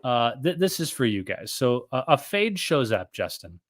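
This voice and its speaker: A man's voice: mid-range voice, very animated, normal speed. A man co-hosting a casual podcast chat, joking with many fillers and restarts. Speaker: podcast co-host.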